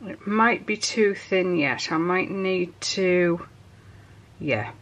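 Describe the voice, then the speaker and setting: Slow-talking chatty woman soap maker. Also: lowish voice. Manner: chatty, rambling asides while working. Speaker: soap-making channel host. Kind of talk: casual demonstration tutorial.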